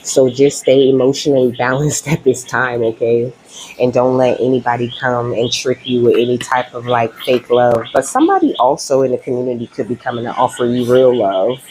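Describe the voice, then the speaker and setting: Mellow-voiced woman giving a tarot reading. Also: rumbling low, normal speed, slight background noise, poor audio. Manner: chatty, often tags lines with "okay?" and "you know?". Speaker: tarot reader. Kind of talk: casual spiritual tarot reading.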